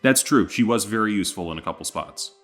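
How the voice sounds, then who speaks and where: A man hosting a relaxed podcast conversation. He jokes around and laughs easily as he talks. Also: fairly low pitch, fast talker, faint music behind. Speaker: podcast host. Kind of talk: casual chat.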